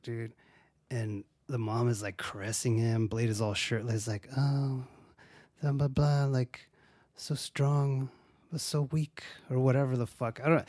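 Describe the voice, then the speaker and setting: A man talks alone through a movie recap in a loose, rambling way, cursing freely and dropping "dude" and "like" everywhere. His voice sits at an ordinary middle pitch, and the recording is dry and close. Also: a little mellow, dry recording. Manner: profane, rambling, says "dude" a lot. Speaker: podcast host. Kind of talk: casual solo movie recap.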